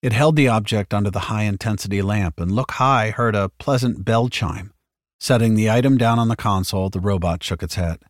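Low-voiced man reading a story. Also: moderate pace, no room sound, studio quality. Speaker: narrator. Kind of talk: audiobook reading of science fiction.

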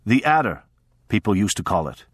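A man's voice: lowish voice, big pitch swings, moderate pace, breathy edge, no room sound. A man voicing a grave father who speaks briefly and dryly, stern but tender, in a storybook reading. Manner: brief and dry.

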